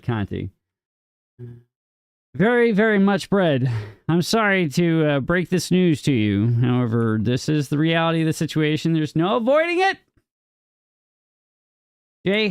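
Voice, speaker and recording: A young man streaming a game and bantering with his chat, playful and mock-indignant. His voice is gravelly and sits a bit high, rising and falling a lot as he talks. The sound is close and dry. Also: no room sound. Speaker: livestreamer. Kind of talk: casual live-stream chat, reading and answering chat.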